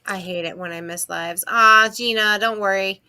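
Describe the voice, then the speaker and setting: A woman's voice: mid-range voice, steady tone, normal speed, sharp tone, no room sound. A tired woman co-hosting a livestream in casual, rambling chat. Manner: chatty, laid-back, self-interrupting. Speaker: co-host.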